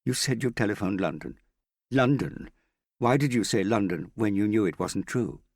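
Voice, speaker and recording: A man's voice: fairly low pitch, moderate pace, darkish tone, no room sound, studio quality, voice pushed up. A man voicing an anxious young woman who confronts a man she suspects of lying, pleading and insistent, her voice rising and breaking. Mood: accusing.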